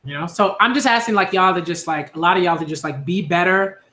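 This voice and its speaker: A man's voice: sits high, fast, pushed and bright, roomy sound. A man speaking earnestly in a casual monologue, repeating himself with many fillers and restarts. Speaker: YouTube commentator.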